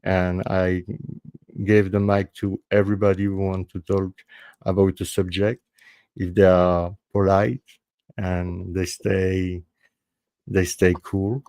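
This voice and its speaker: A man with a French accent, a native French speaker hosting a panel podcast in casual chat, halting and restarting often. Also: low-pitched, flat delivery, mellow, dry recording. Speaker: podcast host.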